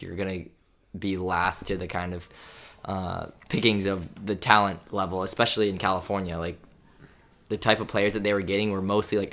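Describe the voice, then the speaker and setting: A man who coaches volleyball, explaining a team's situation in a measured, hedging way during a casual chat. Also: low-pitched, fairly bright tone.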